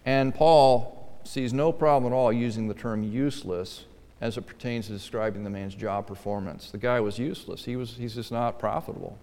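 A man's voice: mid-range voice, fairly even intonation, moderate pace, darkish tone, in a large hall. A man preaching a sermon, rising to strong emphasis and acting out churchgoers' lines. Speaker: pastor.

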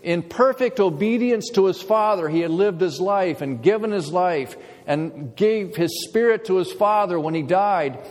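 A man's voice: sits high, darkish tone. Man preaching in a reverberant church. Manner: measured preaching with emphatic pauses. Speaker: pastor. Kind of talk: sermon. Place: church sanctuary. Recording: long hall reverb.

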